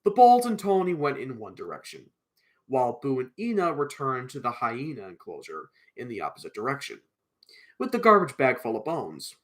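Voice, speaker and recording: A man reading a children's book aloud on a live stream, halting and restarting, clearing a strained throat often. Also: medium pitch, huge pitch swings, fairly bright tone.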